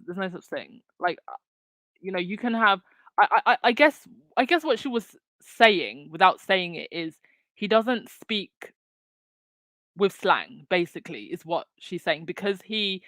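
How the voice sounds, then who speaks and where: A woman's voice: fairly low pitch, a bit bright, dry recording. A woman hosting her own commentary channel, talking casually with lots of fillers and restarts. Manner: chatty, many fillers and restarts. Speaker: channel host.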